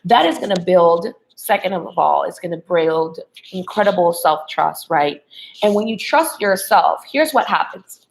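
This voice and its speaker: A woman's voice: lowish voice, expressive, unhurried, creaky, slight background noise, rough recording. Earnest spiritual love coach, woman. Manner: earnest, spiritual, peppered with "okay?" and "right?". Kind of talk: motivational talk to women viewers.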